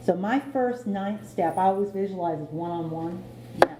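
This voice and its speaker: A woman's voice: mid-range voice, moderate pace, very noisy. A middle-aged woman speaking at a recovery meeting, candidly telling her own story and laughing at herself. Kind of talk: personal recovery testimony. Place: meeting room. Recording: echoey meeting room.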